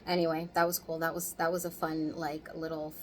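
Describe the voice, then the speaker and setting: A woman in her thirties chats to camera in a lowish voice, loose and candid, with curse words slipping in freely. A faint hum of room sound sits behind her. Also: poor audio. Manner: candid, chatty, swears freely, laughs often. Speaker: vlogger. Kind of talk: casual storytime chat.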